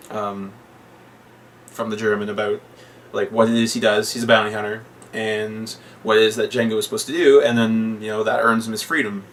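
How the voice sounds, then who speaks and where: A man's voice: mid-range voice, a bit bright. A young man casually retelling a film's plot, quoting characters in funny voices and laughing often. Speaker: podcast co-host. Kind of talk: casual movie review chat. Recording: distant mic with faint noise.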